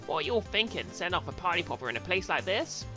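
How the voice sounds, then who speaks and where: A woman voicing a brash, loud country woman photographer in a game read-along, putting on a northern English accent with a scolding, folksy drawl. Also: lowish voice, big pitch swings, fast talker, loud music behind the voice, voice pushed up. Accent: northern English put-on.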